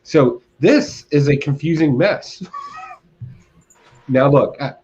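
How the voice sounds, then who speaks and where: A man with a fairly high voice takes it slowly while co-hosting a casual comics podcast, ranting in an animated way and laughing often. The recording has its highs cut off.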